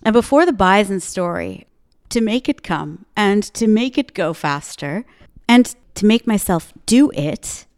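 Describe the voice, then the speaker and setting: A woman's voice: mid-range voice, sing-song, measured pace, a little mellow. A woman hosting a podcast, speaking into a microphone in an emphatic motivational monologue with punchy repeated slogans. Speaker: podcast host.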